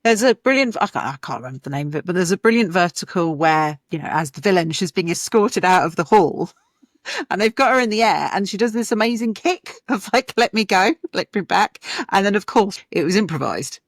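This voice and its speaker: A woman hosting an interview podcast, enthusiastic and quick to react in casual chat. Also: lowish voice, lively intonation, no echo, studio quality. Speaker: podcast host.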